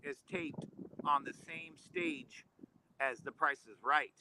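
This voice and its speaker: A man's voice: a little high, huge pitch swings, takes it slowly, gravelly, sharp tone, poor audio. A man, a stagehand guest, in an easygoing casual chat, laughing often.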